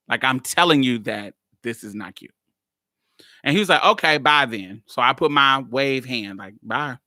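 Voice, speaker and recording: A woman's voice: very deep voice, bright, forceful tone, no room sound, studio quality. A woman podcast host telling a story in a blunt, exasperated way, laughing often and swearing freely. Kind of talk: casual storytelling monologue.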